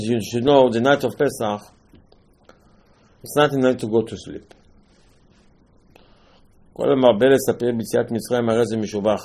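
At a medium pitch, a man preaches a lively Passover sermon as a Torah teacher. He poses rhetorical question after rhetorical question and returns to the same phrases repeatedly.

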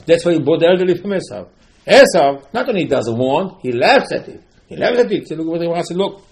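A man's voice: a little high, sing-song, quick pace, low-quality recording. A man giving an informal religious talk, telling a story with many repetitions and emphatic rising outbursts. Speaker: religious teacher.

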